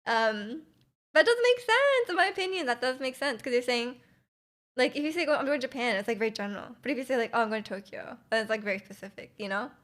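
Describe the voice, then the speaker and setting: A woman's voice: on the high side, fast, a bit bright. A woman streamer chatting casually with her livestream chat, giggling often and reacting to messages.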